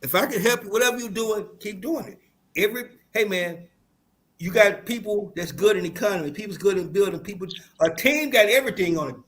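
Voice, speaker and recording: A man's voice: high-pitched, fairly quick, fairly bright tone. An older man from the American South with a Southern accent, rambling through stories on a casual panel and often saying "hold up, man.". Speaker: panel guest, Marine veteran.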